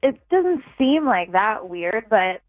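A woman's voice: medium pitch, big pitch swings, takes it slowly, no room sound, soft background music. Hesitant woman caller on a tinny phone line. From Chicago area. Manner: hesitant, rambling, many fillers. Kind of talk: casual phone-in chat.

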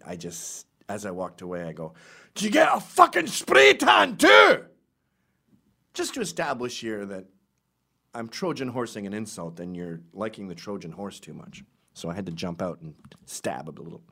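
A man telling a crude, rambling comic story in a brash, casual way. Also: low-pitched.

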